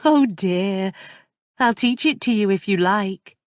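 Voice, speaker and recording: A woman voicing a shy, gentle young governess, speaking softly in a raised, tremulous voice. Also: mid-range voice, lively intonation, slow pace, no room sound, studio quality. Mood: tender.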